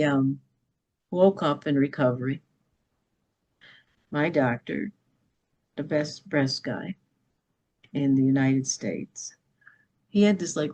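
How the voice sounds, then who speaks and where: A middle-aged woman appears as a podcast guest, her voice sitting low. She tells a personal story with emphasis, often checking in with "okay?"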